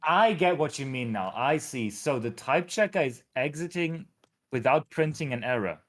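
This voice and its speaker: A man's voice: mid-range voice, moderate pace. A man with a Northern English accent, chatting casually and rambling on while he streams his compiler work. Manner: rambling, animated explainer. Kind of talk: casual live-stream chat.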